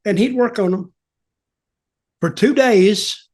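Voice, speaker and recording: An older man telling a casual story, animated and full of acted quotes and chuckles. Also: high voice, slow pace. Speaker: storyteller and show guest.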